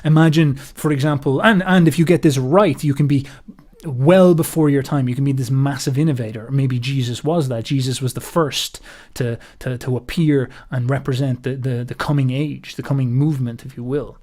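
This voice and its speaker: Brief: a male commentator with an average-pitched voice, rambling through an animated, profane philosophy story. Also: normal speed. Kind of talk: casual philosophical monologue.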